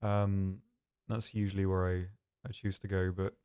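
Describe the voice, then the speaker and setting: Soft-spoken man, lowish voice. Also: normal speed, clear, resonant tone. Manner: soft-spoken, calm, dry and self-deprecating. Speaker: stream host answering chat questions. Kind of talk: casual live-stream chat.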